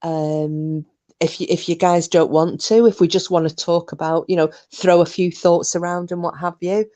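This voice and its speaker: A woman with a notably low voice talks loosely to her live chat. She rambles from one thought to the next, doubling back on her words. It sounds like a relaxed home stream on a computer mic. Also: moderate pace. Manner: chatty, rambling, many restarts and fillers. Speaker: livestream host. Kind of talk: casual chat with live viewers.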